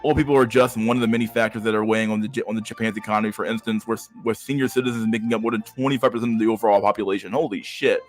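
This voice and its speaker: A man's voice: fairly low pitch, steady tone, rapid-fire, hardly any pauses, soft background music. Profane man riffing on the news. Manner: profane, slangy asides. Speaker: podcast host. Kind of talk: reading a news article with casual commentary.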